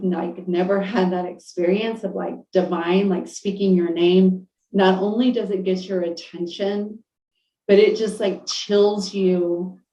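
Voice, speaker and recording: Middle-aged woman, podcast guest, heartfelt halting storyteller; warm low voice, recorded distant in a roomy space. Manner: heartfelt, halting, many fillers and restarts. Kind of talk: emotional personal storytelling. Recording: roomy, distant, dull lo-fi audio.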